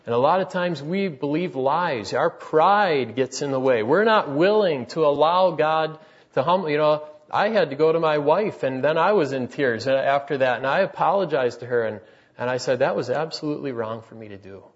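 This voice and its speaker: A man in his thirties delivers a sermon in an earnest, halting manner, often restarting his sentences. His voice sits a bit high. The recording sounds dull and lo-fi. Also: lively intonation. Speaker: preacher.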